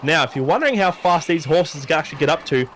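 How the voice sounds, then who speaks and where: Male race commentator, high voice, excitable play-by-play with jokes, faint background hiss. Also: quick pace. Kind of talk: sim racing commentary.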